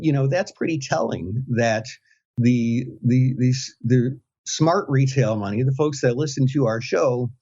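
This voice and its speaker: A male podcast co-host with a husky, mellow voice that rambles and circles back on itself. He hesitates and restarts often while thinking aloud. The recording is dull and lo-fi. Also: mid-range voice. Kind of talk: casual podcast chat. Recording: dull lo-fi sound.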